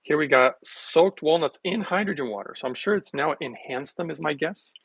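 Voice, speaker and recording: Gravelly-voiced man chatting on a phone. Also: on the high side, moderate pace, fairly bright tone, dry recording. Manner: rambling, chatty, sarcastic asides. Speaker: host of a health livestream. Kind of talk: casual livestream chat while making a smoothie.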